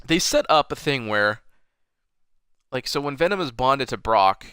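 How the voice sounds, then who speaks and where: A man in the middle of a casual movie review chat, his pitch rising and falling a lot as he talks. His voice is bright and forceful, and the recording is dry and close with almost no room sound. He swears freely as he goes. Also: a little slow, smooth, no room sound. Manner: animated, swears and laughs freely. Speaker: movie review podcast co-host.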